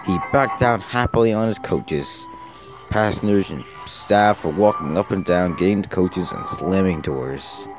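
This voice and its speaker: A man narrating a children's story about engines in a brisk storytelling manner. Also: deep voice. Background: music.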